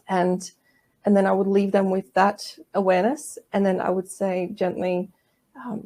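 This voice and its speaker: A woman massage therapist as an interview guest, explaining her methods calmly and gently. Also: mid-range voice, moderate pace. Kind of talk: interview conversation.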